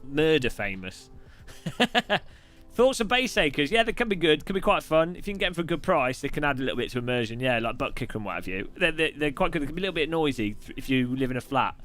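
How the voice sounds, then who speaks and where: Joking, lively male live streamer. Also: fairly high pitch, fast, soft background music. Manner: joking, irreverent, chatty.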